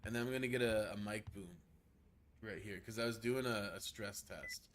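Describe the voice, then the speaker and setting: A man with a gravelly voice and a strained throat, casually talking through a game stream. He chats freely, swears often and laughs a lot. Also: fairly low pitch, normal speed, background noise. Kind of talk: casual gameplay commentary.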